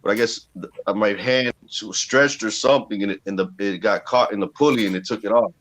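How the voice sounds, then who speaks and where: A man's voice: on the low side, brisk. A man from the Chicago area telling a story in casual chat, swearing freely and acting out the scenes. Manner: animated, profane, acts out the story loudly. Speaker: co-host.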